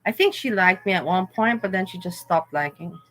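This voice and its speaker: A woman's voice: lowish voice, animated, a little fast, fairly bright tone, soft background music. A woman hosting a livestream, talking in a candid, rambling, emotional way. She tells personal stories in a casual chat. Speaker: livestream host.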